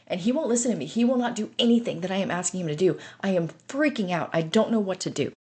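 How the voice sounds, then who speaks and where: A woman's voice: medium pitch, fast talker, few pauses, a little mellow, husky. A middle-aged woman telling her own story on a podcast, earnest and intense as she relives it. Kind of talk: personal recovery story podcast.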